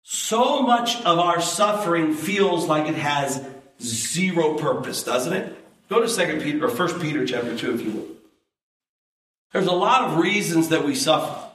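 A male pastor preaches in a relaxed, talky way, then pushes his fairly high voice up on the key lines. He stands back from the mic in an echoey hall, so the sound comes from a distance. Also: normal speed. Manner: conversational preaching, rises loud and high on emphasis. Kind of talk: sermon.

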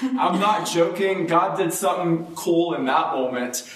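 A man preaching a sermon and telling a personal story, his voice jumping up high when he gets excited. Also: a little slow, echoey room, distant mic, low-quality recording.

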